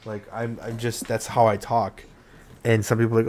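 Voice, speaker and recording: A man's voice: on the low side, little pitch movement, moderate pace, darkish tone. A man hosting a casual talk show from home, swearing freely and rambling with lots of fillers. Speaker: podcast host. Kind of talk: casual chat. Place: home room.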